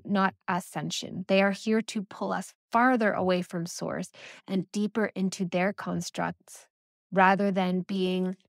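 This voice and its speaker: A woman's voice: medium pitch, creaky, dry recording, studio quality. A woman hosting a spiritual solo podcast, talking earnestly and rambling with frequent filler words. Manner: earnest, rambling, with many "you know" and "like" fillers. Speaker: podcast host.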